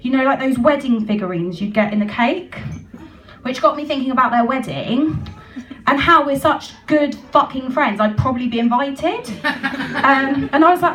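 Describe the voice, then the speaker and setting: Young woman, stand-up storyteller, chatty and self-mocking, high voice, heard from a distance off the mic. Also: normal speed, fairly bright tone. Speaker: stand-up comedian.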